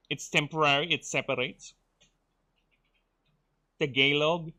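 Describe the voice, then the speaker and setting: A man's voice: medium pitch, lively intonation, slow, pauses often, pushed and bright. A man from the Philippines, streaming a game, teasing his viewers and muttering through his choices. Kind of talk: casual game stream chat.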